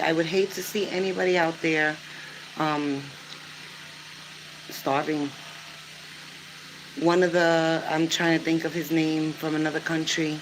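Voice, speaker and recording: Older woman, vlog talk, chatty and earnest, slightly low pitch, noisy engine hum behind. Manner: earnest, chatty, warning tone with filler words. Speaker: vlogger. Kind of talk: casual vlog talk to camera.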